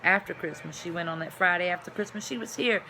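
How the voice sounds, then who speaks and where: A woman's voice: fairly low pitch, quick pace, slight background noise. A middle-aged woman, chatting casually and rambling in her own vlog. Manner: chatty, rambling, signs off loudly. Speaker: vlogger. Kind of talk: casual chat to camera.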